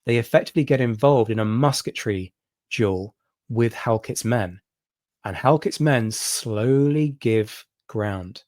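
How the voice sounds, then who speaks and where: A man's voice: mid-range voice, a little slow, a little mellow, no echo, studio quality. A man hosting a history livestream, explaining a battle in detail with frequent ums and restarts. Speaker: history channel host.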